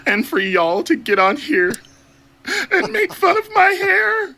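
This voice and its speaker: A man's voice: very high-pitched, huge pitch swings, measured pace, gravelly, bright, forceful tone, full character voice. A man playing an overwrought, sobbing parody of a left-wing protester in a mocking video clip, wailing through fake tears. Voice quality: mock crying, wailing.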